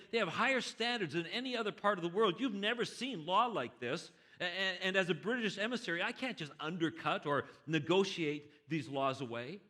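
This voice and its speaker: A man's voice: high voice, sharp tone, pitched above the performer's own voice, exaggerated voice. A man as an exasperated British emissary. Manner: reasoning, explaining, stammering restarts. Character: exasperated male British diplomat, patient but firm.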